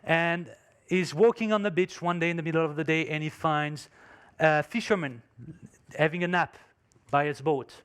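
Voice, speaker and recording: A man's voice: fairly high pitch, moderate pace, fairly bright tone, clean tone. A man speaking English as a second language, giving an emphatic motivational conference talk and telling a story. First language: not English. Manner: storytelling, emphatic, non-native phrasing.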